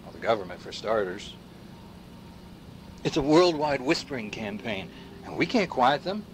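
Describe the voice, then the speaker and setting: An actor playing a paranoid male pundit in video game dialogue, ranting against machines and swinging from hushed whispers to shouts. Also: mid-range voice, sing-song, normal speed, slight background noise, lightly acted.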